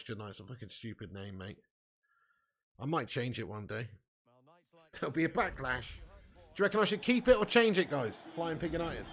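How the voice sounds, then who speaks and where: A man live-streaming a football game, bantering casually with his chat, reading out comments and swearing freely. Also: mid-range voice.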